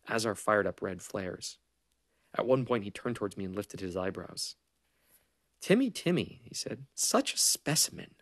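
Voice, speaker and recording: A man narrating a novel as an audiobook in a measured, understated way. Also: deep voice, dry recording.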